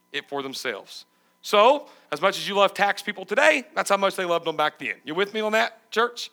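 High gravelly preacher. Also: male voice, pushed and bright. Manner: emphatic, asks the congregation questions. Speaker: pastor. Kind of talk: sermon.

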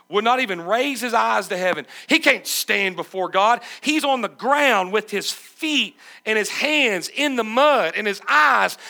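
A man's voice: sits high, vocal fry, sharp tone. A male pastor preaching a sermon emphatically and asking his congregation questions.

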